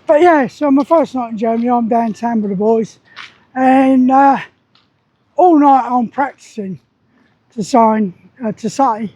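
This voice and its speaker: Older man, very high voice, mellow tone, plain-spoken rambling storyteller, casual outdoor vlog. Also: unhurried, no room sound, lo-fi sound. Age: 60s. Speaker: army veteran vlogger. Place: outdoors beside a loud weir.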